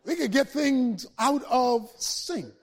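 A man a sermon to his congregation, building from steady talk to shouted peaks and back down. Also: very high-pitched, slight background noise. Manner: preaching with swells to shouts and dramatic pauses. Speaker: pastor.

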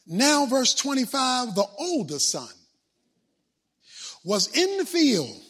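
A male preacher delivers a sermon, repeating key phrases for emphasis and calling on his listeners to respond. His voice is very high and husky. His pitch rises and falls in a lively way. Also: takes it slowly. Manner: emphatic, repetitive, call-and-response.

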